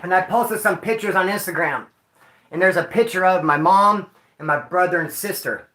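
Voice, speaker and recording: A man's voice: high voice, normal speed, bright, forceful tone, echoey room. A grieving man, talking casually to his livestream chat in a slangy, emotional way. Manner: slangy, emotional, addresses chat as homeboy and dude. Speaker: livestream host.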